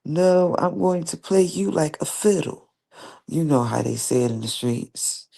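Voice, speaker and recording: A woman's voice: low voice, animated, unhurried, vocal fry, mellow. A woman hosting a livestream, speaking straight to an absent opponent in a confrontational, rambling rant that repeats itself. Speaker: livestream host. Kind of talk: direct-address livestream rant.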